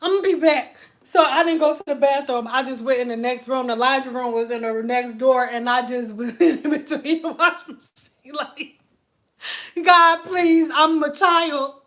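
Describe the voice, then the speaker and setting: A young woman hair stylist casually telling a story to her viewers in an animated, chatty, slangy way. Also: high voice, normal speed. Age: young adult.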